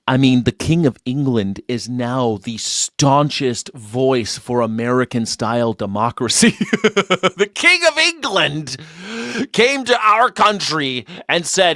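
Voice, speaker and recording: Sarcastic dude hosting a live call-in stream, mocking tone, dry close sound. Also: male voice, mid-range voice, animated, a little slow, bright, forceful tone, dry recording. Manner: mocking, sarcastic, laughs a lot. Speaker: livestream show host.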